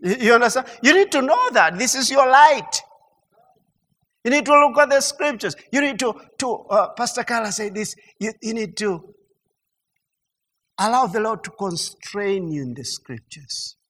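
A man preaching a sermon in an animated way, stammering through restarts and building to emphatic peaks. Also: extremely high pitch, normal speed. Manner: animated, mimics mock prayer sounds and laughs. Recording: long hall reverb.

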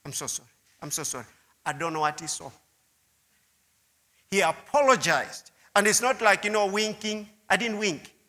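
A man's voice: high-pitched, moderate pace, pauses often, sharp tone. A man preaching a sermon testimony, telling his story with repeated words and asides to the listeners. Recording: long hall reverb.

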